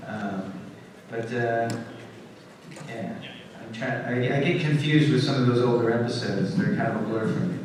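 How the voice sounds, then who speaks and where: A man, a guest actor on a panel in a large convention hall, answers fan questions haltingly with lots of fillers and restarts. His voice is medium-pitched, and it's picked up from far off in an echoey hall with a noisy background.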